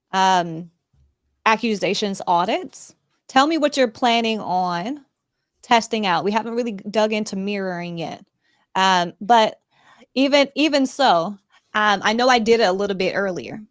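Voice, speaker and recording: A woman's voice: mid-range voice, expressive, a little slow, dry recording. Woman host, dry close sound. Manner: hesitant, many fillers and restarts. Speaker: host, workplace and construction industry. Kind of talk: conversational interview.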